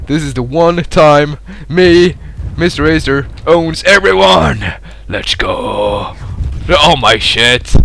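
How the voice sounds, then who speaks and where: A young man giving live commentary over a shooter game, excitable and foul-mouthed, laughing at his own blunders. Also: slow, vocal fry. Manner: excitable, swears a lot, laughs at himself, swings from loud yelps to low mutters. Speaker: gameplay commentator.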